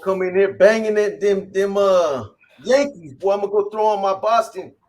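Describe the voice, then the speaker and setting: A man hosting a casual livestream, reading off viewer names in quick shout-outs and slangy greetings. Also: sits high. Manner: rattles off viewer shout-outs, slangy, calls people boy. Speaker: livestream host.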